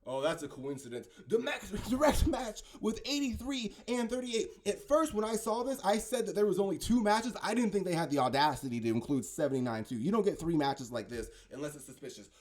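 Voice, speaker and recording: A high-voiced man talks animatedly and fairly fast, barely pausing, as he rambles casually through conspiracy talk. Insistent and prone to stumbling over words, he repeatedly asks "right?" and "okay?".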